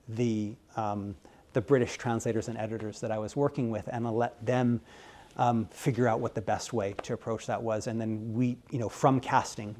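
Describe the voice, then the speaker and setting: A man with an American accent, a game localization director answering interview questions in a rambling, filler-heavy, animated way. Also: lowish voice. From United States.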